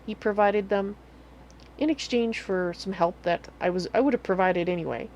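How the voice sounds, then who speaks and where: A woman's voice: medium pitch, moderate pace, a little mellow, a little hiss or hum. Chatty woman livestreamer. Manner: chatty, rambling with self-corrections. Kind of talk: casual livestream commentary.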